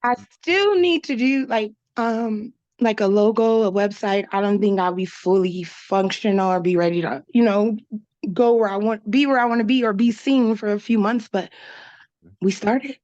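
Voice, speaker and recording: A woman talking as a guest in a relaxed conversation, chatty and full of casual fillers. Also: medium pitch, moderate pace, no room sound, lo-fi sound. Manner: chatty, full of "like" and "you know".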